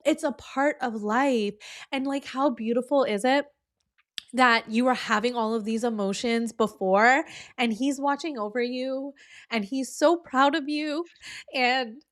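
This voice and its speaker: A woman co-hosting a podcast, gently reassuring her friend in a casual chat. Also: high-pitched, unhurried. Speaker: podcast co-host.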